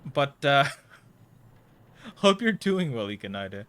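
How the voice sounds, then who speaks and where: A man's voice: medium pitch, sing-song, takes it slowly, fairly bright tone, clean tone. A young man casually chatting to viewers while playing a horror game live, jittery and nervous, often trailing off into mumbles. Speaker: livestreamer.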